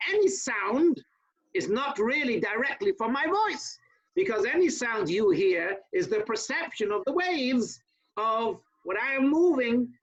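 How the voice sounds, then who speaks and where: A man, a rabbi, teaching an informal class over a video call, talking fast with chatty asides to his listeners. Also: high voice, a bit bright, highs cut off.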